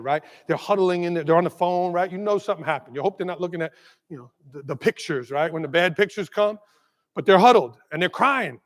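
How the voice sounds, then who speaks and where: A man with a high, bright voice tells a story from the keynote stage, animated and quick to check in with the crowd. His voice rings out with a long reverb tail from a big conference hall. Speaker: keynote speaker, school leader.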